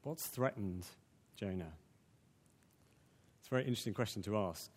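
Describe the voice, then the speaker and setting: A man's voice: on the low side, normal speed, slightly rough, long reverb tail. A man preaching a conversational sermon, full of fillers and restarts.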